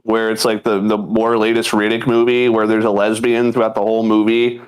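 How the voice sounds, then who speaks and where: A man's voice: on the low side, little pitch movement, a little fast, smooth, poor audio. A man co-hosting a casual podcast, talking in a rambling, crude way with many fillers. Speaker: podcast co-host.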